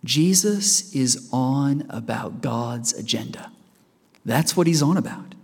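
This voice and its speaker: A man's voice: medium pitch, animated, takes it slowly, creaky, slightly rough. A man preaching a sermon in a church, conversational and asking the congregation questions as he goes. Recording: reverberant church hall.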